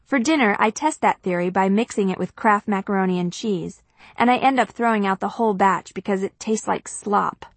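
A woman's voice: medium pitch, fairly quick, dry recording. A woman narrating a first-person audiobook in a chatty, confiding way.

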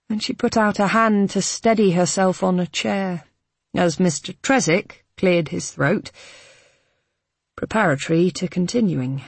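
A woman narrating a novel in a steady, even storytelling manner. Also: fairly low pitch, a little slow, breathy edge, no echo. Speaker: audiobook narrator.

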